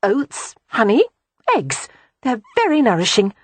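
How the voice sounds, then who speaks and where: Narrator doing a cheery young animal-loving woman, pitched way up, husky. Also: big pitch swings, unhurried, dry recording, full character voice. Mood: cheerful. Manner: cheerful, bright.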